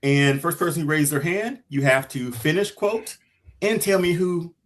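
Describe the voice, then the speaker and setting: A man hosting a casual fan podcast, excitable and playful, often breaking into laughter. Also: a little high, normal speed. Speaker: host.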